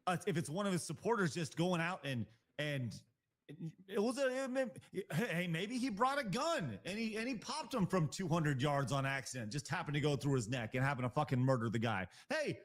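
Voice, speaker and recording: A man's voice: fairly high pitch, animated, normal speed. A male live stream host giving blunt, profane, heated reaction commentary.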